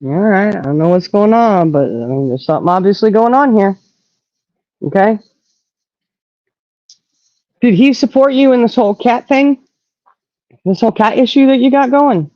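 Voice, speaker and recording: A woman hosting a casual live-stream talk show, indignant and animated, swearing freely. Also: mid-range voice, normal speed, long pauses, no echo, muffled recording. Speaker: host.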